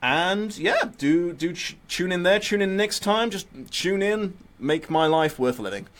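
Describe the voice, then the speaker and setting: A man's voice: high-pitched, animated, a little slow, a bit bright. A man hosting his own podcast, chatting casually and joking around with his guest. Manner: playful, jokey. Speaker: podcast host, YouTuber.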